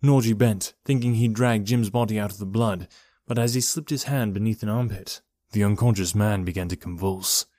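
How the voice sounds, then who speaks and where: A man giving a steady, measured reading of a horror story as narrator. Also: on the low side, dry recording, clean studio sound. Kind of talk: scripted horror audiobook narration.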